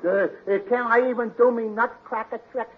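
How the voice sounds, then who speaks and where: An actor playing a dim-witted wisecracking barfly, in 1940s radio comedy acting. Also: male voice, extremely high pitch, steady tone, moderate pace. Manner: brash, slangy and dim. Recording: tinny, noisy old radio recording.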